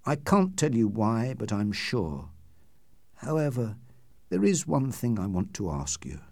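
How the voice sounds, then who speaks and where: Male narrator as a nervous doctor hiding something, pleading tone, very lively pitch, dry close recording. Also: no echo. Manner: earnest, pleading reassurance. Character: anxious, secretive male doctor, middle-aged. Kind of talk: audiobook character reading.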